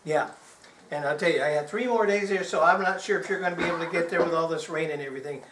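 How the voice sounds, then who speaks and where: A man's voice: fairly high pitch, quick pace, a bit bright. A man from Texas doing chatty, joking stage patter as a magician, often asking his audience questions. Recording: roomy live hall sound.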